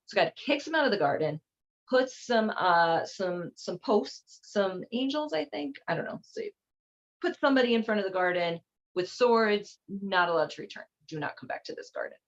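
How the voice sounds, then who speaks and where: Here a female host talks at an ordinary speed in a mid-range, animated voice. She keeps the casual commentary loose and irreverent, leaning heavily on filler words, all captured in somewhat dull lo-fi sound.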